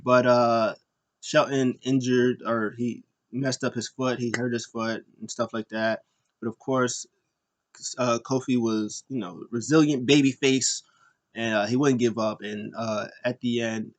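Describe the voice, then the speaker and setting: A young man hosting a wrestling podcast, giving a casual, rambling recap and jumping into squeaky impressions now and then. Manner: rambling, jokey, mimics wrestlers in high squeaky voices.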